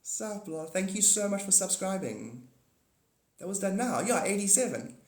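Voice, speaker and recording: A man's voice: high-pitched, sing-song, moderate pace. Man chatting on a roomy live stream. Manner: rambling, jokey, swears and self-corrects. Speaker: live streamer and paid reader. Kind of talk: casual live-stream chat. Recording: roomy echo.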